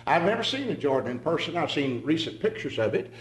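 A man's voice: on the high side, fast. A man preaching a sermon, telling folksy stories and reading scripture aloud. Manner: animated, folksy storytelling preaching. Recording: echoey room.

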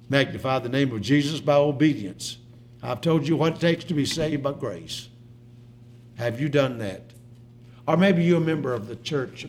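A man preaching a sermon, telling a story and swinging from loud bursts to hushed, slow lines. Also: medium pitch, slight background noise.

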